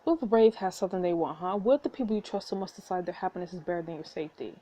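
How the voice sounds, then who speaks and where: A woman's voice: fairly low pitch, very fast, mellow, close to an everyday voice, low-quality recording. Woman voicing a blunt, wary young twin brother. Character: guarded, intense young male twin brother.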